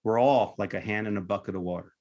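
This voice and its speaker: A man quoting a gruff, no-nonsense Army first sergeant who gives a young soldier plain, patient advice, in a slightly lower, softer voice. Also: fast, lo-fi sound, natural voice. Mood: steady.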